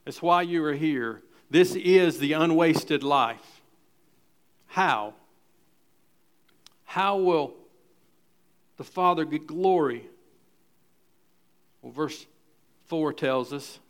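High-voiced man preaching a sermon. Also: extremely slow, pauses often. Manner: builds from quiet asides to loud emphatic preaching; reads scripture and quotes aloud with dramatic weight. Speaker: pastor.

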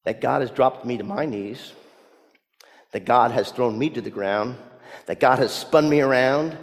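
A male pastor preaching a sermon, telling a story and swinging from hushed words to loud emphasis. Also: medium pitch, animated, unhurried, big-room sound.

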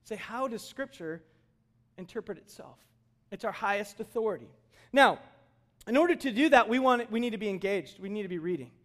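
A man with a notably high speaking voice delivers a sermon from the front of a church. He talks conversationally and jokes with the congregation as he preaches. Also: fast talker, a bit bright. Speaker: pastor.

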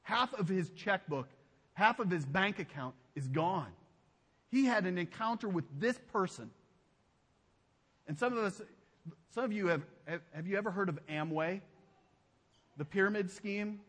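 A man preaching a sermon as pastor. He speaks emphatically and drops to a hushed low voice on key phrases. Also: expressive, unhurried, pauses often, breathy edge, in a large hall. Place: church sanctuary.

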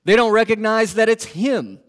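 This pastor preaches to his congregation in a high-pitched voice at a normal pace, posing questions to them. He shifts between loud, emphatic lines and hushed, quiet ones.

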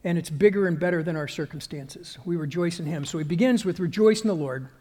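A male pastor giving a conversational sermon, halting with fillers and restarts and growing more emphatic as he goes. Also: a little high, dark tone, in a large hall.

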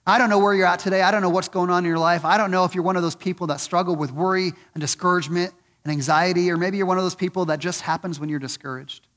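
A man preaching a sermon, earnest and repeating questions for emphasis, swinging from loud and lifted on key points to low and soft. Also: steady tone, quick pace, few pauses. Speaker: pastor.

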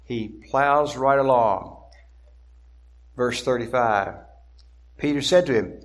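A man preaching an expository sermon, deliberate and emphatic, slowing down to stress key words. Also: mid-range voice.

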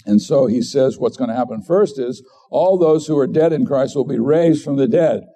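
Middle-aged male pastor, very dark, mellow tone, earnest conversational sermon delivery. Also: medium pitch, normal speed. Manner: earnest, conversational preaching with frequent restarts.

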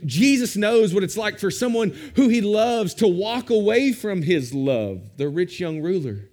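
A man preaching a sermon as pastor, with expressive rises and drops for emphasis. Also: sits high, measured pace.

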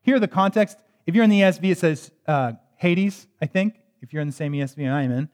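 A man's voice: fairly high pitch, quick pace, a little mellow. A man preaching a sermon, reading scripture and explaining it in a conversational, emphatic way with joking asides. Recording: reverberant hall.

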